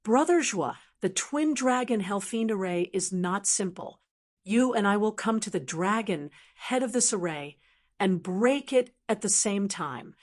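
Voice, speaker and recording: A woman's voice: medium pitch, animated, a little slow. A woman voicing a scheming young male cultivator who coaxes and bargains. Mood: eager.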